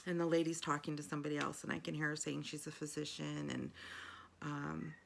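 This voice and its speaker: A woman's voice: low-pitched, flat delivery, brisk, vocal fry, slight background noise. A middle-aged woman in a casual video journal, telling a personal story in a chatty, rambling way full of fillers and restarts.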